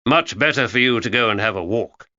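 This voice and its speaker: A man voicing an easygoing gentleman with a dry wit, in a plain middle-pitched voice. His delivery is clear and forceful. He plays him in a storybook reading. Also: brisk, highs cut off. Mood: wry.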